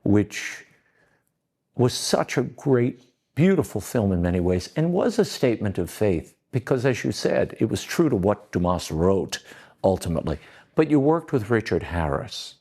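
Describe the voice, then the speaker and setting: A man's voice: fairly low pitch, sing-song, normal speed, a little mellow, breathy edge. A man hosting an interview, asking short, direct questions and prompting his guest. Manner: brief prompting questions and back-channel murmurs. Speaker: interview host.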